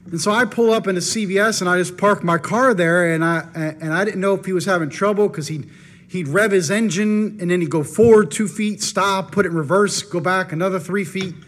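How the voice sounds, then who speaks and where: A man preaching, telling a personal story in an animated first-person way and acting out his own thoughts. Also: sits high, a little fast. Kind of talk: storytelling in a sermon.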